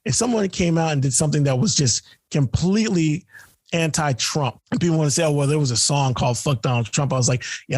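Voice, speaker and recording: A man's voice: medium pitch, dry recording, studio quality. A man co-hosting a podcast, telling stories in a loose, profane, casual way, full of fillers and laughs. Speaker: podcast co-host. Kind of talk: casual chat.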